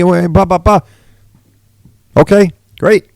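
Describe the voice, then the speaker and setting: A man's voice: high-pitched, fairly even intonation, normal speed, smooth, no echo. A middle-aged man, a body shop owner hosting a podcast, talking bluntly and repeating "all right" and "right?" as he rants. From Long Island, New York. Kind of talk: casual podcast rant.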